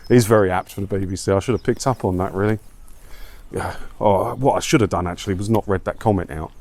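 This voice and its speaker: A man's voice: deep voice, quick pace, a little mellow. A man talking in a rambling, chatty, self-mocking way while walking outdoors for his vlog. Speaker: vlogger. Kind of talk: casual walking vlog chat.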